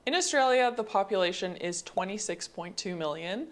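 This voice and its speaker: A woman narrating an informative explainer video in a measured way. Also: medium pitch, expressive.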